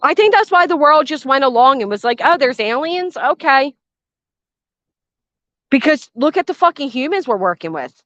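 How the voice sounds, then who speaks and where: A woman's voice: high-pitched, big pitch swings, fast, hardly any pauses, a bit bright, no room sound. An older woman hosting a reaction commentary channel, blunt, sarcastic and swearing freely, recorded outdoors by a garden fence. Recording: dull, dry lo-fi sound.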